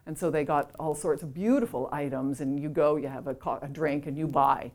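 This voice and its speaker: A woman's voice: low voice, a little fast, darkish tone. A middle-aged woman from Canada telling a self-deprecating story to an audience, laughing often and acting out the voices of the people she quotes. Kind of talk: anecdotal storytelling.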